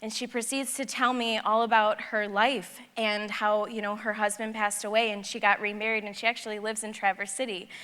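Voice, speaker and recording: A woman giving a personal storytelling talk at a conference, animated and acting out the dialogue. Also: mid-range voice, a little fast, hardly any pauses, smooth. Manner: animated, acts out dialogue in her stories. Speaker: conference speaker. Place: large conference hall. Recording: long hall reverb.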